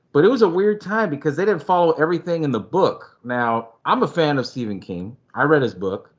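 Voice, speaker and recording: A man co-hosting a casual movie chat, animated and profane, sometimes acting out scenes with sudden loud shouts. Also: medium pitch. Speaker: podcast co-host.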